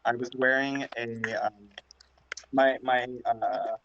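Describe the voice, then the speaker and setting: A man, a drag performer, telling funny stories in casual chat on a livestream, rambling and animated. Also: mid-range voice, slow. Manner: rambling, animated, acts out quoted voices loudly. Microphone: video call. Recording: dull lo-fi sound with clear background noise.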